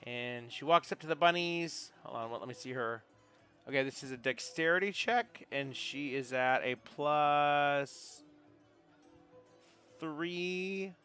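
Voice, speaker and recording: A man's voice: fairly high pitch, slow pace, pushed and bright, smooth, soft background music. A man running a tabletop game as game master, chatty, checking rules aloud with stumbles.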